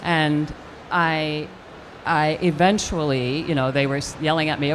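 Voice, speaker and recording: An older actress telling an animated story in a live stage interview, acting out the voices of the people she quotes. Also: sits low, unhurried, slight background noise. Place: convention stage with audience hall ambience.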